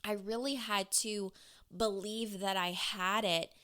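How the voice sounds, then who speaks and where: Solo podcast host, woman in her thirties, mid-pitched, bubbly and effusive. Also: fairly even intonation, slow, fairly bright tone, smooth. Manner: bubbly, gushing, talks straight to listeners. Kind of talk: casual solo podcast chat.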